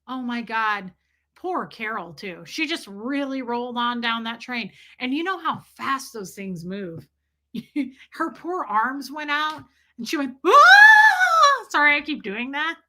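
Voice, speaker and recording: A woman's voice: a little high, measured pace. A woman hosting a casual livestream, ranting and telling stories with lots of swearing and talking straight to her chat. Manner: animated, profane storytelling; talks to chat directly. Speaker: livestream host.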